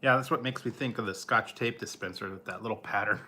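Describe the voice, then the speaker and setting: A man hosting a casual live stream, chatting with viewers in a relaxed, rambling way while eating and drinking. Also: fairly low pitch, fast. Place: home.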